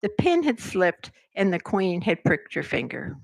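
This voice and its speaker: An older woman reading a children's story aloud, narrating in an expressive, measured way. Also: fairly low pitch, vocal fry, no echo. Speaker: resident reader.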